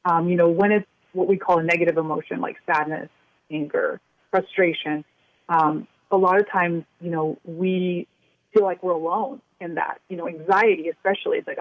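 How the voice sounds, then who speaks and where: A woman's voice: on the low side, steady tone, normal speed, dry recording. A woman co-author of a children's workbook, talking in an earnest, reflective way during a casual interview. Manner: earnest, reflective, acts out remembered dialogue. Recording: tinny phone line.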